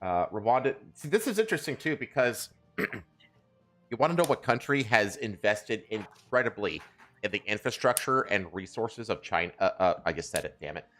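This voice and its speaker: A man hosting a podcast, reading news aloud in casual chat, crude and joking and quick to laugh. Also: on the low side, animated, fairly bright tone, soft background music. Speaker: podcast host.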